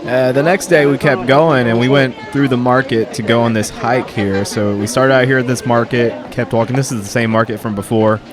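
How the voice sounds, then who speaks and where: A man who works as a teacher gives casual, conversational narration of his own trip, relaxed and a little wry. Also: mid-range voice, brisk, hardly any pauses, a crowd in the background.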